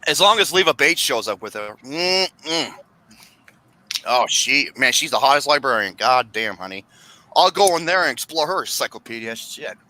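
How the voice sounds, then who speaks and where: Man, co-host, crude jokes, lively pitch, bright tone. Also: brisk, rough recording. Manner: crude joking asides. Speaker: podcast co-host. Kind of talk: casual banter.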